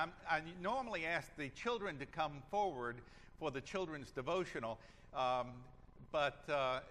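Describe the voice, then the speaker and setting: A man with a Southern American accent, speaking as a pastor to his congregation in a gentle, chatty way with some restarts. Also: fairly high pitch, a little hiss or hum. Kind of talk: casual church announcements. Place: church sanctuary. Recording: hall reverb with faint ambience.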